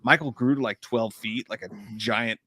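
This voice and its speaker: A man co-hosting a casual movie livestream, reading out viewer comments and answering with animated, profane talk. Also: mid-range voice, normal speed, a little hiss or hum. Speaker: podcast co-host.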